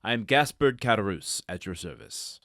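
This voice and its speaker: A man's voice: mid-range voice, animated, moderate pace, vocal fry, sharp tone, dry recording, studio quality, voice pushed up. A man reading the part of a flustered, over-courteous innkeeper in an audiobook-style reading, eager and apologetic. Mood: fawning. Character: fawning flustered male innkeeper, middle-aged.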